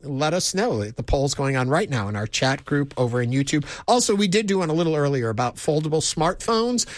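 A man with a fairly high voice co-hosts a call-in talk radio show. He sounds conversational and opinionated as he invites listeners to share their thoughts. The studio sound is close and dry. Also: lively intonation, brisk, no room sound. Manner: conversational, takes listener calls, gives opinions.

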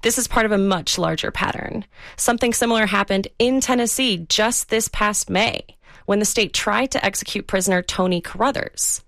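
Female news correspondent, mid-range pitch, steady factual delivery, dry studio mic. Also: normal speed, no echo. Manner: even, factual reporting. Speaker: investigative correspondent.

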